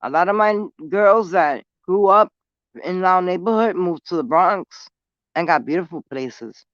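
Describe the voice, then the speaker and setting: A woman's voice: fairly low pitch, expressive, unhurried, dry recording, dull audio. A woman from New City, telling a story in blunt, profane street talk while smoking. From New York City. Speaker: vlogger. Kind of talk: casual storytelling.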